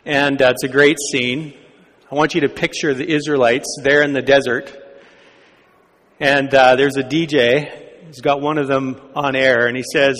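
A man's voice: medium pitch, level tone, normal speed, fairly bright tone. Conversational male pastor in a reverberant hall. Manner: conversational, asks the congregation questions. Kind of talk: sermon.

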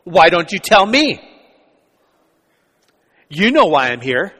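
A preacher voicing a gruff, hostile grown man, his voice pitched a little high and climbing louder as he grows agitated. Long reverb from a church hall surrounds it. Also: lively intonation, measured pace. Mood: abrasive. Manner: retold quotes, loud and raised when agitated. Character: rough, hostile grown man turned believer.

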